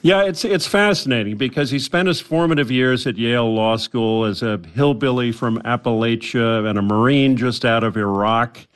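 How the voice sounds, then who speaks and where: A man speaks as a journalist guest in a radio news interview. His pitch sits in the middle range and he talks conversationally. He restarts his sentences often as he explains. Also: normal speed, hardly any pauses, clean tone.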